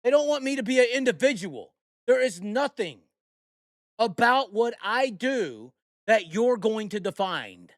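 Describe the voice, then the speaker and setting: Profane high-voiced man ranting. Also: big pitch swings, measured pace, no room sound, studio quality. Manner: profane, rambling, heated storytelling. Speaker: host. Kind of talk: casual podcast rant.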